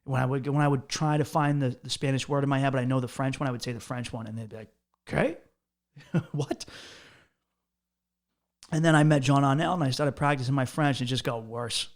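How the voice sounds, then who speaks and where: A man's voice: medium pitch, steady tone, fast talker, hardly any pauses. A young man from the United States, hosting a podcast and telling a long travel story in a loose, profane, rambling way with lots of restarts. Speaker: podcast host. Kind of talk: casual storytelling monologue.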